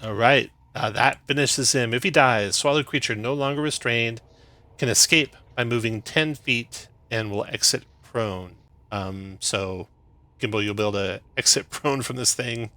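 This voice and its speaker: A young man runs a tabletop game as its dungeon master. His voice sits in the middle range but rings bright and forward. He calls hits and damage briskly, chuckling now and then. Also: medium pitch, dry recording. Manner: brisk rules-calling with chuckles.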